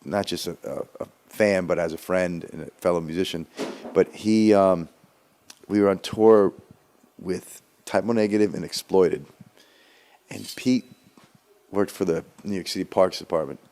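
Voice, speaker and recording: A man's voice: deep voice, unhurried, a little mellow. A middle-aged man telling a loose, laid-back story in casual chat, with casual swearing. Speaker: musician sharing a memory.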